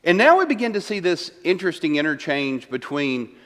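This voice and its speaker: Male Bible teacher, slightly high voice, long church-hall echo; conversational, rhetorical questions, repeated lines. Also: big pitch swings, fairly quick, a bit bright. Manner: paraphrases verses and repeats key lines for emphasis. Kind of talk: teaching a Bible class, retelling scripture. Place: church classroom.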